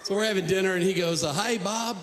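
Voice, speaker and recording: A man's voice: high voice, fairly even intonation, racing, a little hiss or hum. A male singer-songwriter on a live stage, telling rambling jokes between songs. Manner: rambling, joking storyteller. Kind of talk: comic concert patter between songs. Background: acoustic guitar.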